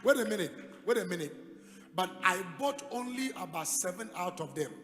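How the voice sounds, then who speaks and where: A man with a Ghanaian accent preaching a sermon, telling a story dramatically and building to loud, emphatic peaks. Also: sits high, animated, moderate pace. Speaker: pastor. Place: church hall. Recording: echoey hall with music behind.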